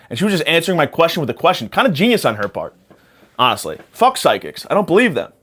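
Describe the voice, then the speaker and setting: A man's voice: fairly high pitch, very animated, quick pace, fairly bright tone. A young man hosting a podcast, rambling through a profane comedic monologue while spacey after a panic attack. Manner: profane, rambling, jumps between topics. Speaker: podcast host.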